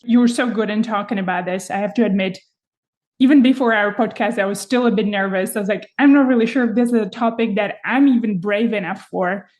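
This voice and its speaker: A woman's voice: mid-range voice, fairly quick, darkish tone. A woman hosting a podcast interview, encouraging and asking long, thoughtful questions. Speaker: podcast host. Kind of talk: interview host.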